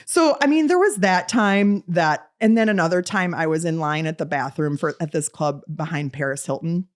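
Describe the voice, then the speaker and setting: A lower-pitched woman in her forties from Wisconsin, chatting as a podcast guest. She tells her stories briskly and laughs often, jumping her voice up high to act out what other people said. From Wisconsin, US Midwest. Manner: lively, laughing, acts out quotes in raised voice. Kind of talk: casual storytelling.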